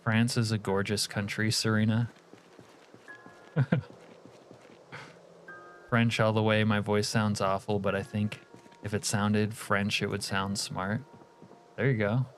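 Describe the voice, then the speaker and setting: A man chats with his live-stream audience in an easygoing way, reading their comments aloud and dropping quiet remarks to himself about the game. His voice sits somewhat low. Faint music plays behind him. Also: takes it slowly, pauses often. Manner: relaxed, reads chat aloud, muttered asides to the game. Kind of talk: live-stream chat while gaming.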